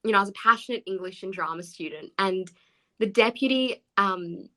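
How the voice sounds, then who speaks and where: Bright-voiced woman telling stories. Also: mid-range voice, fairly quick. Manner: animated storyteller, laughs often. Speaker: guest actor. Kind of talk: casual podcast chat.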